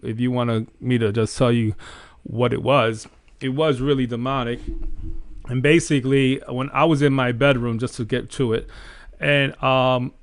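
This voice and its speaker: A man's voice: mid-range voice, smooth, no room sound, studio quality. A man hosting a faith show, telling a dream story in an earnest, casual way. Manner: earnest storytelling, animated retelling. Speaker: host. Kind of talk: casual testimony.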